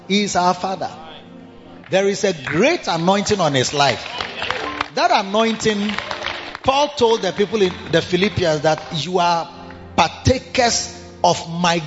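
A man with a high voice preaches emphatically in a church service. His words ring with a long reverb, and the recording sounds a little dull, with faint music behind him. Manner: emphatic, rhetorical questions to congregation. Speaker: pastor. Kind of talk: sermon.

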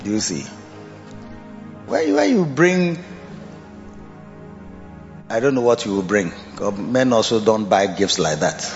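A man preaching a sermon. He talks in an animated, repetitive way, laughs often and coaxes the listeners to repeat his words. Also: on the low side, measured pace, vocal fry, long pauses. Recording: dull lo-fi sound in a reverberant hall with faint music.

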